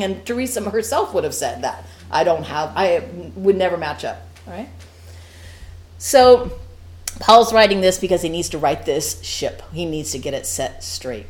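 Woman preacher, conversational sermon, animated pitch, quick to laugh. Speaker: women's Bible teacher.

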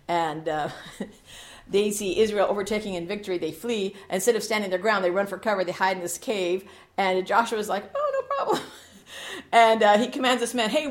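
A middle-aged woman preaching a sermon, animated and jokey, with laughing asides. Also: fairly low pitch.

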